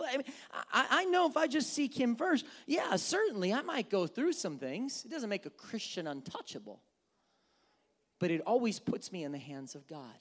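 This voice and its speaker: A man's voice: high voice, expressive, normal speed, a bit bright. A man preaching a sermon as pastor, emphatic, repeating phrases and stumbling over words as he drives points home.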